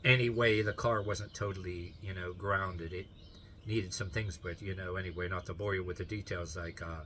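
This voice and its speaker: A man's voice: low-pitched, steady tone, normal speed, a bit bright, a little hiss or hum. A man telling a long story in a rambling, casual way, full of restarts and fillers, often holding back a laugh.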